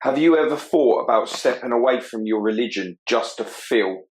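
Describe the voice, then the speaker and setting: A man hosting a podcast, asking measured, probing questions with a few fillers. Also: medium pitch, expressive, reverberant, rough recording. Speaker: podcast host. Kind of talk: interview questions.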